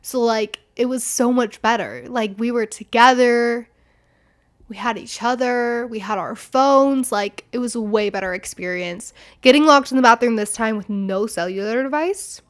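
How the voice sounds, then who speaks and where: Young woman, podcast host, casual storytelling, animated, swears a lot, "like" fillers, fairly high voice. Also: moderate pace. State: recovering from an illness.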